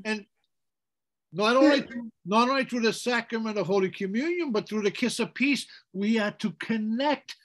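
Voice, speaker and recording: A man, a priest, leading an informal Bible study, animated as he chants liturgical phrases and quizzes the group. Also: sits high, normal speed.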